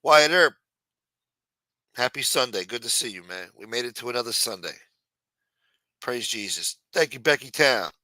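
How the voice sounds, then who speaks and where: A man's voice: mid-range voice, expressive, normal speed, long pauses, pushed and bright, no echo, poor audio. A man hosting a livestream, with brash, profane, mocking news commentary. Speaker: livestream host. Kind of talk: casual news commentary on a stream. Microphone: streaming mic.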